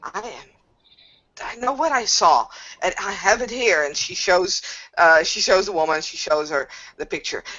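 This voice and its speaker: A woman playing a tabletop role-playing game, talking in an excitable, indignant way. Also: fairly low pitch. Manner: excitable, indignant, fast shifts to hushed urgency. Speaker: player. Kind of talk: tabletop role-play, in and out of character. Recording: dull lo-fi sound.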